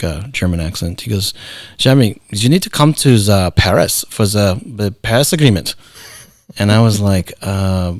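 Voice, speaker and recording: Guest spot: middle-aged man, very low voice, lively storyteller, dry close mic. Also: no room sound. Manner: animated storyteller acting out quoted voices. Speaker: guest, founder and artist. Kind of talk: casual storytelling interview.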